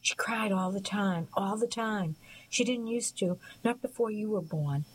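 A woman voicing a troubled, grieving grown man, speaking in a slow, halting, tearful way. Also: medium pitch, slight background noise, natural voice, low-quality recording.

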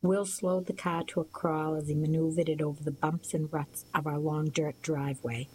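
Low-voiced woman narrating a novel. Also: flat delivery, normal speed, darkish tone, slight background noise, rough recording. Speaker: audiobook narrator. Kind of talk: first-person novel narration.

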